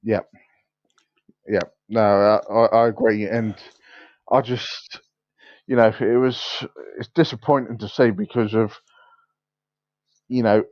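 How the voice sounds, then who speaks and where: A man co-hosting a casual football podcast, talking in a relaxed, hesitant way with many pauses. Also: lowish voice, no echo. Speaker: podcast co-host. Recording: dull dry lo-fi sound.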